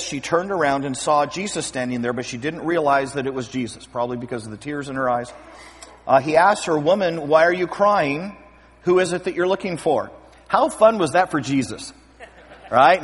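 A man preaching a sermon as pastor, lively and acting out scripture scenes with voices. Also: fairly high pitch, normal speed, slightly rough. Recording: long hall reverb.

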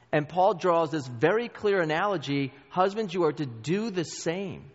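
A middle-aged man gives an earnest, conversational Bible study talk in a slightly high voice. The sound is dull, and a long reverb hangs in the church hall. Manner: earnest, conversational, direct address to the group.

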